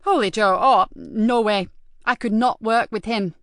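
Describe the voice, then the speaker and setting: A woman's voice: medium pitch, fairly quick, fairly bright tone, smooth, dry recording, studio quality, natural voice. A woman reading an audiobook, voicing a sarcastic, defiant female detective inspector with a raised, emphatic delivery. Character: hard-drinking, sardonic female detective inspector. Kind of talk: audiobook character voice.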